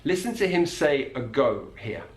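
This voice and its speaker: A man teaching about accents, explaining clearly and repeating words to show how they sound. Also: mid-range voice, very animated, moderate pace. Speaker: accent coach. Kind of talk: explanatory video lesson. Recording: roomy echo.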